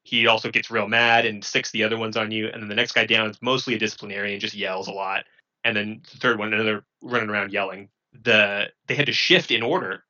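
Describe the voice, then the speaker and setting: A man casually recounting a story in halting bursts, full of fillers and restarts. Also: fairly low pitch, fairly even intonation, pushed and bright, lo-fi sound. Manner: halting, filler-heavy, self-correcting. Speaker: former Marine recruit.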